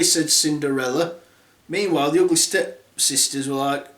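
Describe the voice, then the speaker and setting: In an echoey room, a male storyteller with a slightly high, somewhat bright voice retells a fairy tale for laughs at normal speed, rambling in an offhand way.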